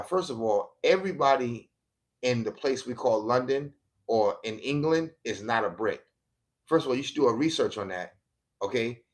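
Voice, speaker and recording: Man ranting mockingly on a live stream. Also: on the low side. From United States. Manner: combative, mocking and profane, ranting at a viewer. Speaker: political commentator streamer. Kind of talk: live-stream commentary reacting to comments.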